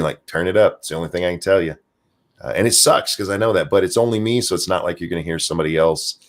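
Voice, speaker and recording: A man hosting a casual podcast chat, bantering in a crude, joking way. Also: sits low. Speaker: podcast host and streamer.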